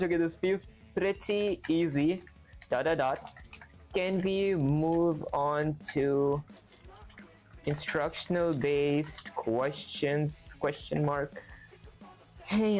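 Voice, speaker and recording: A man on a live stream, chatting casually with his viewers while working through programming exercises, filling his talk with "like". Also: on the high side. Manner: chatty, lots of "like" fillers, talks to chat. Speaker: livestreamer learning to code.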